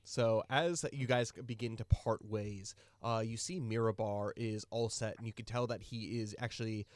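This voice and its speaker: A man narrating a tabletop game as game master, in a relaxed way with many fillers. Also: lowish voice, moderate pace, no room sound.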